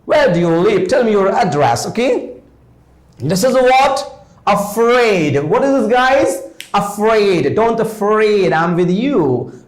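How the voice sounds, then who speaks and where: A man's voice: high voice, takes it slowly, echoey room. A man with an Indian English accent teaching spoken English, drilling words through repeated example sentences and switching into Hindi now and then. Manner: repetitive, animated drilling, mixing in Hindi.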